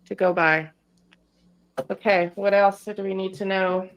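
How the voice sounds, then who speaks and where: A woman reading tarot cards live for her viewers. She talks in a hesitant, halting way, stopping and restarting often, with a flat, level tone and a middle-pitched voice. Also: lo-fi sound, a little hiss or hum. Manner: hesitant, halting, self-interrupting. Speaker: tarot reader and channel host. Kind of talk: live-stream tarot reading, casual chat.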